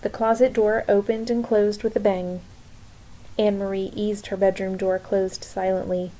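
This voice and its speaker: A woman reading a novel aloud in a calm, measured storytelling voice. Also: medium pitch, rough recording. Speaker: reader. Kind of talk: audiobook narration.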